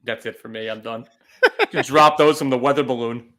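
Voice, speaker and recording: A man's voice: mid-range voice, fairly quick, pushed and bright. A man co-hosting a casual comedy podcast with wry, offhand jokes. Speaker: podcast co-host.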